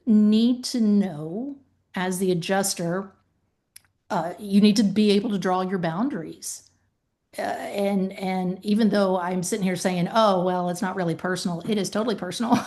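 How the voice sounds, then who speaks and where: An emphatic woman with a Southern US accent, talking on a podcast in a middle-pitched voice. She tells stories from her work and acts out phone calls, switching into quoted voices. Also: a little slow, darkish tone. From American South. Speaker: podcast co-host, former claims manager. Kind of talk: casual podcast chat.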